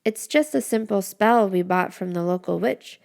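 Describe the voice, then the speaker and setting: A woman voicing a tiny, excitable mushroom creature that shrieks and fusses. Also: medium pitch, moderate pace, creaky, natural voice. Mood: fussy. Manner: shrieking, fussy.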